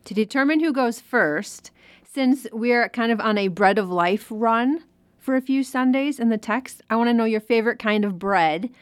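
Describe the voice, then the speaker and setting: A woman from Wisconsin hosting a podcast on sermon planning, moving the talk along briskly and reading a scripture passage aloud. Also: a little high, clean tone, no echo. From Wisconsin, USA. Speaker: podcast host and producer.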